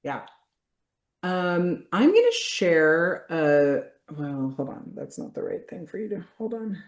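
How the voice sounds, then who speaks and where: Blunt, energetic woman coach, echoey room. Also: lowish voice, slow pace. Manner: blunt and energetic, swears casually. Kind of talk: group coaching on a video call. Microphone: video call.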